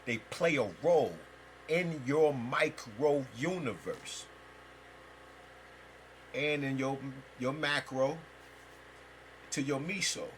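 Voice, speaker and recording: A man's voice: medium pitch, takes it slowly, long pauses, a little hiss or hum, rough recording. A man giving a free-flowing spiritual talk as a teacher, rambling and emphatic, with heavy slang and profanity.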